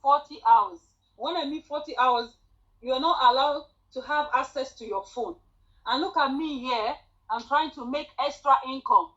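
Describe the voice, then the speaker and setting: A high-pitched woman tells her testimony in a lively, chatty manner. Her voice is bright. The call audio sounds dull and lo-fi. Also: normal speed. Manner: animated, chatty storytelling. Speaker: student nurse sharing a testimony.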